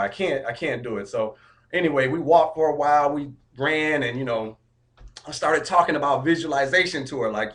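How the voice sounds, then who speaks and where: A man's voice: fairly high pitch, brisk, fairly bright tone. Upbeat motivational man telling a story. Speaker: vlogger. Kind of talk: casual vlog update.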